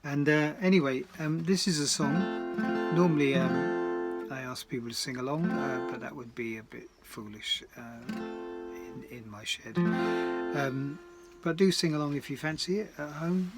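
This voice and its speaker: A man's voice: on the high side, a little slow, loud music behind the voice. A singer-songwriter telling a rambling, hesitant story between songs, recorded in his garden shed, with dry asides.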